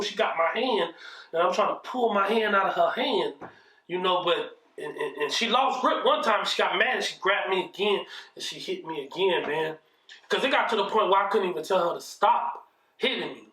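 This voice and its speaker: A man's voice: high-pitched, a bit bright, distant mic. A man casually telling a story from his childhood, profane and rambling, often checking in with "you know what I mean". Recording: roomy echo, mic set back.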